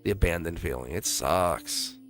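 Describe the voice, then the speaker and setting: A man's voice: deep voice, unhurried, a bit bright, faint music behind. A middle-aged man reading tarot on a live stream, chatty and playful, laughing often and talking straight to his viewers. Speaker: tarot reader.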